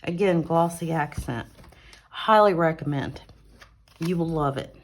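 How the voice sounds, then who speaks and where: A woman with a slightly low voice talks slowly and easily as she shows her colored pages. She chats casually, with fillers and small restarts. She is recorded on a phone held on an arm at her craft table at home. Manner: chatty and relaxed, with fillers and self-corrections. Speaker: adult coloring channel host. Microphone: phone on an arm mount.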